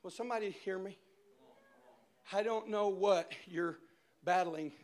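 A male preacher giving a sermon, telling a story with shouted, animated swings. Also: high-pitched, unhurried.

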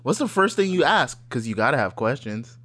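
A man riffing crudely with a friend, breaking into loud laughter and jumping into voices for the people he quotes. His pitch sits in the middle, and the talk is loose and unscripted. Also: very animated, a little fast, no room sound. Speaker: co-host reacting to a clip. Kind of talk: crude casual chat.

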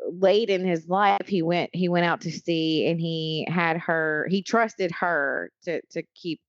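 A woman's voice: on the low side, fairly even intonation, takes it slowly, dry recording, muffled recording. A woman co-hosting a casual chat, telling stories with many fillers and restarts. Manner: rambling storyteller, frequent fillers and restarts.

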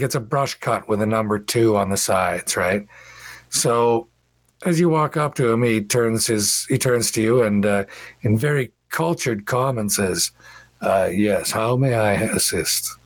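A man's voice: mid-range voice, unhurried, dry recording. Casual man narrating as game master. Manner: casual, descriptive, with fillers.

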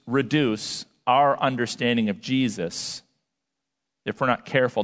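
A man preaching a sermon as a pastor, talking in a lively, conversational way and asking the audience questions. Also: fairly high pitch, unhurried. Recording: long hall reverb.

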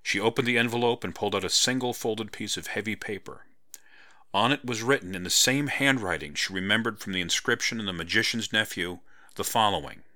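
A man narrating a novel as an audiobook, in a steady, even storytelling manner. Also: lowish voice, a little fast, dry recording, studio quality. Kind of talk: scripted narration.

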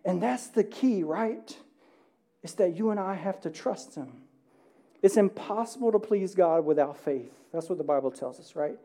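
A man's voice: high voice, animated, normal speed, warm tone. A man in his thirties, a pastor preaching an Easter sermon in church in a conversational storytelling way, often checking in with "right?". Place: church sanctuary.

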